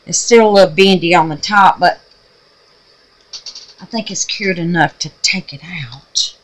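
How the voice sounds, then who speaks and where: A woman chatting casually to her viewers while she crafts, folksy and excitable, calling them babies and darlings. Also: fairly low pitch, measured pace, poor audio. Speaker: resin craft vlogger.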